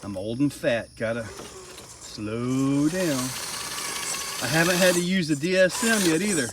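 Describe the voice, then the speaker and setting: A middle-aged man casually commenting while driving an RC crawler outdoors, chatty and easily excited, laughing often. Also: on the high side, unhurried, long pauses. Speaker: RC hobby reviewer. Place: outdoors on a rock trail. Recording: distant mic, faint outdoor noise.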